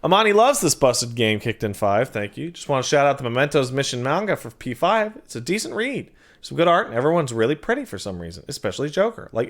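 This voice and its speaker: Lively streamer man reading donations. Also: mid-range voice. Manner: animated, jokey, quick asides. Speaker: game streamer. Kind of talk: casual livestream chat reading donations.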